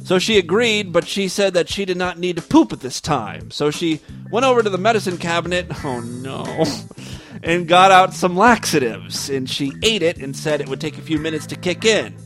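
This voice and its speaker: A man's voice: sits high, expressive, moderate pace, music in the background. A man hosting a podcast, reading a listener's story aloud and breaking off for wry asides. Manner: wry asides between read passages. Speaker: podcast host.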